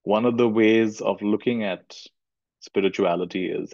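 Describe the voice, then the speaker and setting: A middle-aged man with a low voice leads a reflective spiritual session, gentle and thoughtful, often circling back on his phrases. His voice sounds dry and close. The recording is dull and lo-fi. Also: fairly even intonation, normal speed, gravelly, no room sound. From India. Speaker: spiritual teacher.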